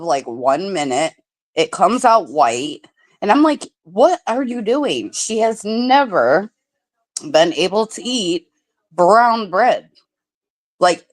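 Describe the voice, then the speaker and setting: A woman talks casually on a livestream, her pitch swinging widely as she tells stories. She swears freely and speaks with lively animation. The sound is dry and close. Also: no room sound. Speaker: livestream guest. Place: home.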